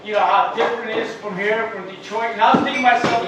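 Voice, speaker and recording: Crude stand-up man, high voice. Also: steady tone, fast talker, background noise. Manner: crude, rambling, loud joke delivery. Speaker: stand-up comedian. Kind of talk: open-mic stand-up set. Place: club or open mic in Los Angeles. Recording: echoey room, mic far off, faint ambience.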